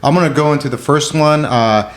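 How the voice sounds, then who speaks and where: A man's voice: fairly high pitch, a little fast. A man in his forties hosting a podcast, complaining and swearing in a casual, exasperated way. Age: 40s. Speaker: podcast host. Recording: roomy echo.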